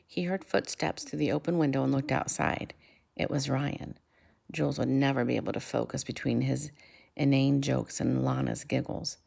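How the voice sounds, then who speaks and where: A woman reads a children's novel aloud in a low, gravelly voice. She keeps a measured pace and slows down for effect. At times she drops to a hush. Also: fairly even intonation. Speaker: reader.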